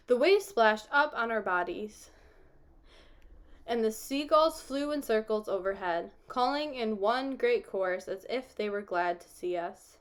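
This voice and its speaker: A woman reading a novel aloud, telling the story steadily and giving the characters gentle voices. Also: medium pitch. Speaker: audiobook reader.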